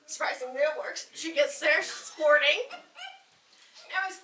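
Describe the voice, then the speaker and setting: A woman's voice: sits high, brisk, bright, forceful tone. A woman telling dad jokes to a small group, laughing at her own punchlines and rambling with fillers. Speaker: joke teller at a bardic circle. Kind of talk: casual live joke telling. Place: indoor gathering room with listeners. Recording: roomy echo, voice from a distance.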